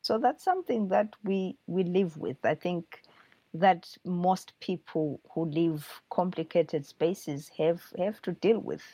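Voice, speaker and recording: A woman's voice: fairly low pitch, slow, mellow, no echo. A woman author answering questions thoughtfully, often restarting her sentences.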